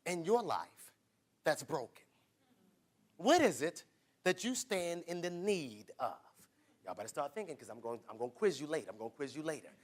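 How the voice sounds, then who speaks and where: A man preaching a sermon, repeating phrases in a rhythm and building from quiet lines to shouts, calling out to the congregation. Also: sits high. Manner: calls on the congregation directly.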